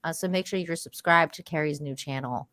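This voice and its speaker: A woman hosting a casual panel podcast, upbeat and quick to laugh, handing out turns. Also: low-pitched, a bit bright, dry recording, studio quality. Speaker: podcast host.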